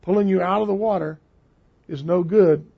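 A man's voice: high voice, normal speed, creaky, husky. An older man preaching a sermon with emphatic, repeated phrases. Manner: emphatic, repeating key words. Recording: dull lo-fi sound.

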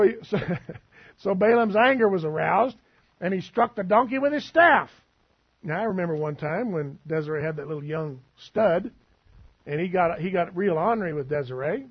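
Folksy preacher man, husky voice. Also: high-pitched, lo-fi sound. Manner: folksy, preachy, with asides and humor. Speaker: pastor. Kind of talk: sermon.

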